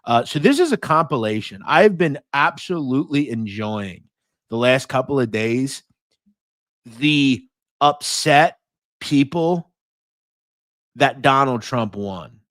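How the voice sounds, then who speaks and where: A man's voice: mid-range voice, animated, takes it slowly, pauses often, fairly bright tone, no room sound, studio quality. A man from the United States hosting a casual livestream podcast, blunt and profane, mocking and reading out viewer donations. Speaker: podcast host.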